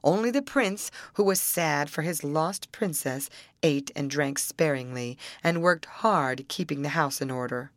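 A woman narrating a fairy tale aloud, expressive and acting out the characters. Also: sits low, measured pace, no room sound.

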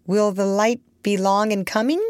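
A woman's voice: medium pitch, steady tone, moderate pace, darkish tone, no room sound, close to an everyday voice. A woman voicing a polite, curious young boy in a storybook reading. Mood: plaintive.

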